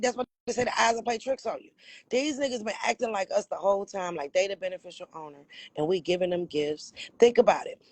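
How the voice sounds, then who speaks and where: A woman's voice: mid-range voice, a little mellow, breathy edge, dry recording, rough recording. A woman co-hosting a casual livestream, talking emphatically with lots of profanity and frequent laughter. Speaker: livestream co-host.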